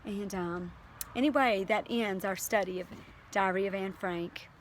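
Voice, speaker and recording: A woman with a medium-pitched voice reads aloud to her class at a measured pace, then discusses the passage earnestly, using fillers and restarting sentences. There is slight background noise.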